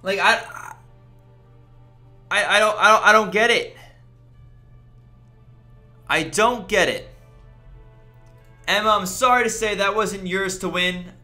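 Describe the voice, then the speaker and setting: A man's voice: high-pitched, takes it slowly, pauses often, pushed and bright, faint music behind. A man streaming a game live, ranting in exasperation at his fellow players. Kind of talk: livestream commentary.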